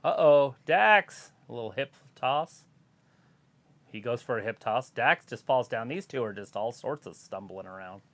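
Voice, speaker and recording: A man's voice: mid-range voice, lively intonation, measured pace, fairly bright tone. A man co-hosting a wrestling watch-along, giving laid-back, dry, wisecracking commentary. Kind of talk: casual wrestling commentary and chat.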